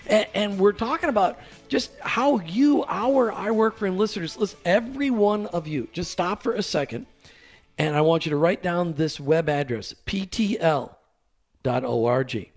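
A man's voice: sits high, lively intonation, normal speed, soft background music. A man from New Jersey hosting a Christian talk radio show, enthusiastic and repeating details for listeners.

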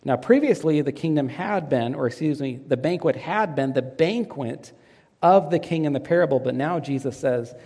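A pastor preaching a sermon who asks the congregation fill-in questions and swings dramatically in pitch and loudness. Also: male voice, normal speed, breathy edge. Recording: long reverb of a church hall.

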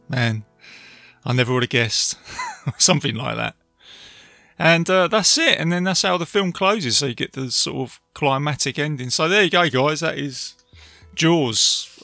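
A man's voice: medium pitch, vocal fry, pushed and bright, no room sound. A man hosting a casual film review podcast, retelling scenes in a chatty way with plenty of fillers. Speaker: podcast host.

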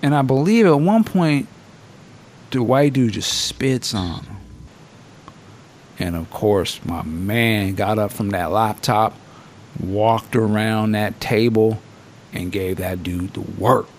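A man hosting a podcast in casual chat, telling stories with slang and swearing, jumping up high to act out quotes, and laughing often. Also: slow, long pauses, slight background noise. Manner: animated storytelling, acting out quotes in a raised voice. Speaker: podcast host.

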